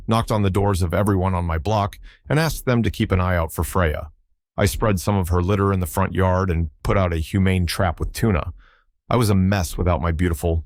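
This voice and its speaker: A man narrating a first-person story in a steady, even storytelling delivery. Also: low voice, no echo, clean studio sound.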